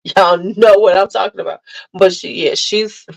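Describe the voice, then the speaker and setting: Lively woman chatting with her viewers. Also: medium pitch, moderate pace, gravelly, low-quality recording. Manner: animated storyteller, laughs often, greets viewers by name. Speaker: livestream host chatting with viewers. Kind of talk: casual chat.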